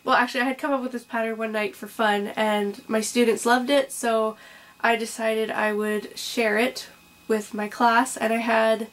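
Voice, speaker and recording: A woman's voice: on the high side, level tone, normal speed, a bit bright. A young woman hosting a casual crochet vlog. She rambles with lots of ums and restarts, a little under the weather with hiccups. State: has hiccups and a cough, taking it slow. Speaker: crochet podcast host.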